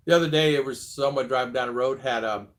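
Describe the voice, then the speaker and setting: A man's voice: mid-range voice, normal speed, fairly bright tone. A man hosting a casual live stream, chatting loosely and reading out viewer comments, often laughing as he rambles. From abroad, living in the Philippines.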